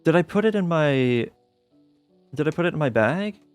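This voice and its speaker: A man's voice: fairly high pitch, lively intonation, normal speed, no echo, faint music behind. Self-mocking man narrating his gameplay. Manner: self-mocking, thinking aloud, laughs at himself. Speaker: streamer playing a modded game. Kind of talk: casual gameplay commentary.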